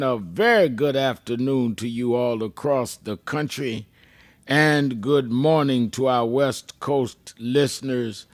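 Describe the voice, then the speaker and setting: An older man hosting a radio talk show with a slow, emphatic, measured delivery. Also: mid-range voice, faint music behind.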